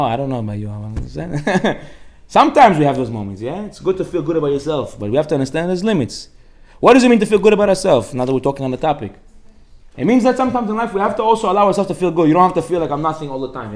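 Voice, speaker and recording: A man, a rabbi giving a lively Torah class to a room, acting out voices and laughing often. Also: high-pitched. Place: synagogue study hall.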